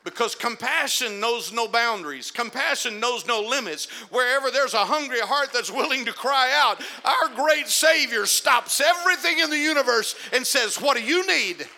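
A male pastor preaching a sermon, telling stories quietly and then rising to shouted, fervent climaxes. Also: very high-pitched, lively intonation, moderate pace, gravelly, few pauses, a faint crowd. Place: church sanctuary.

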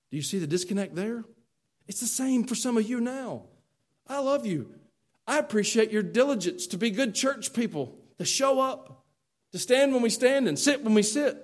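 A man pastor preaching a sermon in a church, folksy and animated, swinging from loud urging to soft confiding. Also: very high voice, normal speed. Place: church sanctuary.

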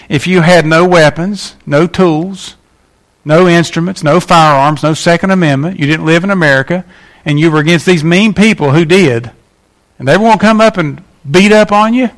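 A man's voice: on the high side, fairly bright tone. A man preaching a sermon in a folksy, emphatic way, often asking the congregation questions. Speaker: pastor.

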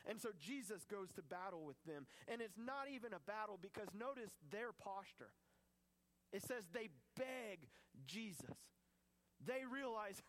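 A man preaching a sermon, animated and acting out the voices in the scripture he tells. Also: sits high, unhurried.

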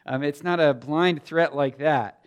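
Speaking a little slowly in a voice on the high side, a middle-aged man preaches as pastor. His sermon shifts from soft storytelling to loud, forceful delivery.

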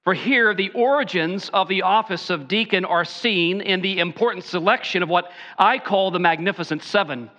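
A man preaching a sermon as pastor, slowing down to stress key phrases. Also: high-pitched, sharp tone, lo-fi sound.

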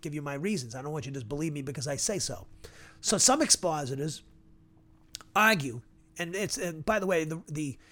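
High-voiced man teaching a Bible class. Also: expressive, brisk, pushed and bright. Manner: methodical, repeats phrases, sounds out Greek words. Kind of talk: verse-by-verse Bible class lecture.

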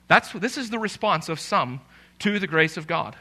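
A man preaching a sermon as pastor, conversational and animated, with emphatic rises. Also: on the high side, normal speed.

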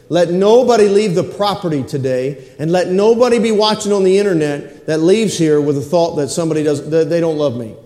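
High-voiced pastor preaching in an echoing hall. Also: male voice, dark tone. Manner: preaching with repetition and call-and-response. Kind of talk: sermon. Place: church sanctuary. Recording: roomy echo with long reverb in a hall.

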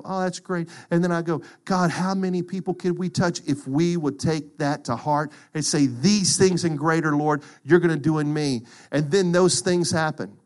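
A middle-aged man preaching a sermon, acting out quotes and swinging from loud to hushed. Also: a little high. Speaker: pastor.

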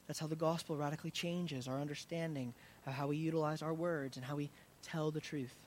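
A man preaching a sermon as pastor, earnest, rising in intensity and then dropping soft to pray. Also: fairly high pitch, steady tone, brisk, a little hiss or hum.

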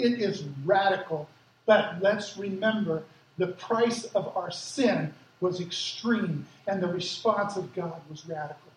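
A man who grew up in Africa, preaching a sermon with lively personal stories and acted-out quotes, as a pastor. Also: sits high, unhurried, a little hiss or hum. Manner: lively storytelling, acts out quotes. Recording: echoey hall from far off, faint ambience.

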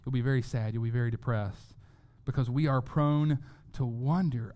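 A man's voice: mid-range voice, normal speed, warm tone. A man preaching a sermon as pastor, earnest, often repeating words as he stresses a point.

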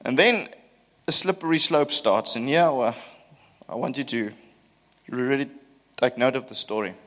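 A man preaching a sermon, telling the story in an animated way with self-mocking humor. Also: mid-range voice, measured pace.

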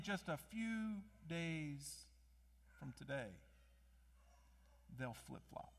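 Guy preaching a sermon, high voice, lots of rhetorical questions, gets loud then drops, long reverb. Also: drawn-out words, creaky, long pauses. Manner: animated, rhetorical questions, rising to loud emphasis. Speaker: pastor.

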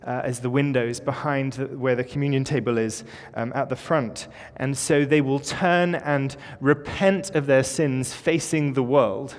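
A male pastor giving an informal, conversational sermon in a church, with light jokes. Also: medium pitch. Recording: echoey church with long reverb.

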